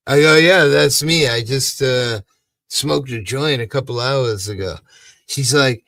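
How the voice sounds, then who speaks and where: A man's voice: mid-range voice, expressive, measured pace, gravelly, a bit bright, no room sound. Profane older man telling a grievance story. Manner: profane, rambling and aggrieved. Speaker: live stream host. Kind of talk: casual storytelling. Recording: dry, from a distance.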